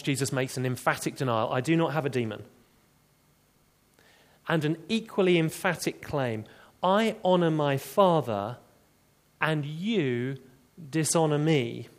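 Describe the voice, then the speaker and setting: A man preaching an expository sermon, emphatic and explanatory, with rhetorical questions to the congregation. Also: on the high side.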